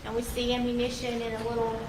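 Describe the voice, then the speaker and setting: A woman prosecutor questions a witness in court, slowly and haltingly, with frequent ums. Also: fairly high pitch, monotone. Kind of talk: courtroom direct examination. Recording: echoey courtroom with noise.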